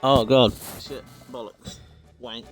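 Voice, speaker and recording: British man, game streamer, rambling casual chat, mid pitch, faint music behind. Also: steady tone, slow. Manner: rambling, swears, mimics sound clips. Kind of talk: casual chat while gaming.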